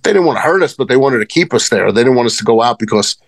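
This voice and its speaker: A man's voice: medium pitch, expressive, very fast, dry recording. A man telling rambling, profane stories as a wrestling guest in casual conversation. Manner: rambling, profane, many restarts. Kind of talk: casual storytelling.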